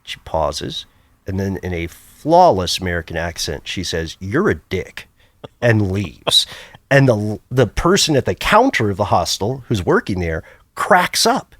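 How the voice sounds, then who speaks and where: Animated male storyteller, close dry sound. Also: normal speed, no echo. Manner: animated, jumps high for quoted voices. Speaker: podcast guest. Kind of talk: casual storytelling.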